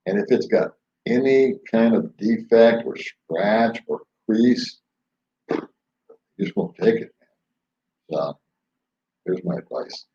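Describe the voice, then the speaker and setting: Speaking slowly with long pauses, a man hosts a late-night live stream from home in the Philippines, rambling and chuckling through jokey tales. His voice is fairly low, mellow, and expressive. The sound is dull and lo-fi, with an echoey room.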